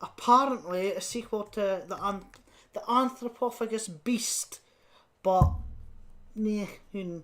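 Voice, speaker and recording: Podcast co-host, woman, mid-range pitch, casual cursing film critic, often laughing. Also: takes it slowly. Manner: blunt, scathing, laughing often; swears casually. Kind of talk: casual film review chat.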